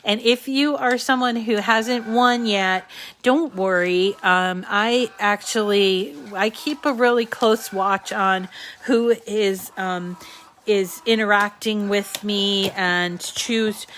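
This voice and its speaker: Slow-talking New England woman crafter. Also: mid-range voice, steady tone, fairly bright tone, slight background noise. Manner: chatty, with many fillers and asides to viewers. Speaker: crafting show host. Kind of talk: casual live craft demonstration.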